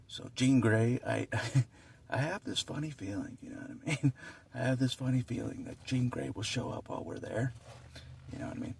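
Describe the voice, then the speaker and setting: Gravelly rambling man, laughing often. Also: medium pitch. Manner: laughs often, repeats himself, earnest and rambling. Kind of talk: rambling casual monologue to camera. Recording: distant mic with faint background noise.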